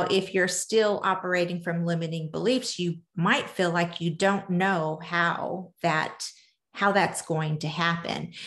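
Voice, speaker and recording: Gentle woman coaching on manifesting. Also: on the low side. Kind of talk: casual teaching monologue.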